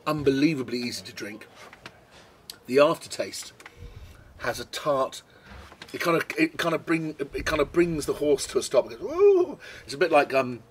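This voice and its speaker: A man's voice: medium pitch, slight background noise. A British man presenting a casual wine tasting on camera, chatty and enthusiastic as he tastes and comments. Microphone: camera mic.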